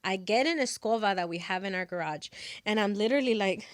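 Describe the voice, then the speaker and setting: A young adult woman hosting a podcast, telling a story in a casual, animated way and acting out the scenes. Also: mid-range voice, dry recording. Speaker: podcast host.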